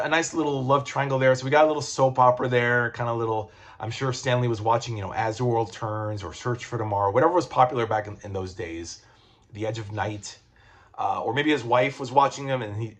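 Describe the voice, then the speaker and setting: A man's voice: medium pitch, a bit bright. A man reviewing comic books in a casual video, rambling with lots of fillers, restarts and swearing.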